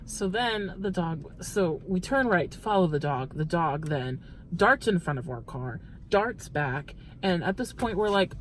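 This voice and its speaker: A man's voice: high-pitched, animated, unhurried, a little hiss or hum. Rambling young man telling a story. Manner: rambling, breathless storytelling with many restarts. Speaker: vlog co-host. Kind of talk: casual chat while driving. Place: inside a parked car at night.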